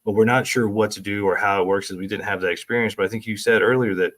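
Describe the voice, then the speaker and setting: A man's voice: on the low side, steady tone, quick pace, a bit bright. A middle-aged man co-hosting a casual talk show, prompting the guest with questions and light jokes. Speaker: podcast co-host. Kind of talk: casual chat.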